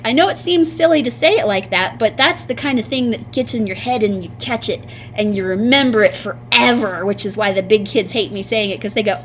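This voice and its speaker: A woman's voice: medium pitch, a little fast, slight background noise. A woman art teacher giving a patient, sing-song classroom lesson to young children.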